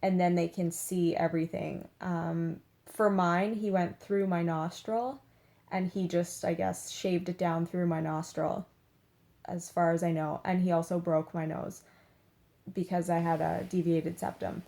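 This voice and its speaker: This young beauty vlogger chats casually to camera from her bed at home, her lowish, mellow voice steady, a little slow, and touched with vocal fry. She says "like" a lot and acts out the quotes in her story.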